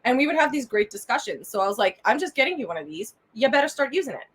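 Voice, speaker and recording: A woman's voice: a little high, very animated, quick pace, breathy edge. A woman guest on a podcast, chatting casually and laughing often. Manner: giggly, chatty. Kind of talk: casual chat.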